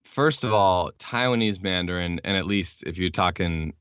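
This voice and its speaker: A man's voice: low voice, moderate pace, fairly bright tone, clean tone, no echo. A young man from Texas, a podcast guest, explaining things in a rambling, casual way with lots of fillers and restarts. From Texas, United States. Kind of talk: casual interview chat. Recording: dull lo-fi sound.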